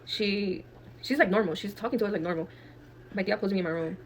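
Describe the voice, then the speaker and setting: A young woman from Texas, appearing as a guest storyteller, recounts a wild family story in casual, profane, animated speech and acts out the quotes. Her medium-pitched voice moves fast, with a little hiss or hum present.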